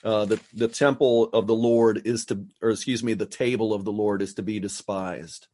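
A man's voice: fairly low pitch, steady tone, moderate pace, mellow. A man preaching a sermon, reading verses and explaining them in his own words, with frequent restarts. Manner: expository preaching with frequent restarts and paraphrased quotes. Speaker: pastor.

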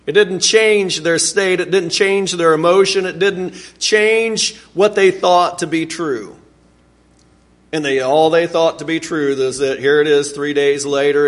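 Slow, higher-voiced preacher man. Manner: earnest, animated, dramatic swings in pitch and volume. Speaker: pastor. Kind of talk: sermon.

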